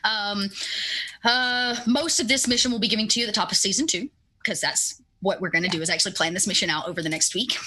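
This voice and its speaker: Female game master, bright tone, loose unhurried narration with filler words. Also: medium pitch, slightly rough. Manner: relaxed, many fillers, shifting pace.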